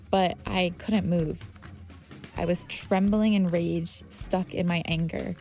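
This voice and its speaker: A woman's voice: on the low side, darkish tone. A woman telling her own story as scripted narration, tense and vivid. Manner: tense, vivid storytelling with heated quoted outbursts.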